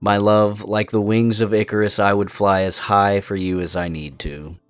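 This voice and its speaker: A man voicing a smooth, flirtatious male rogue who speaks in slow, theatrical flattery. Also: on the low side, no room sound, soft background music, lightly acted. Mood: suave. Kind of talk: tabletop role-play voicing.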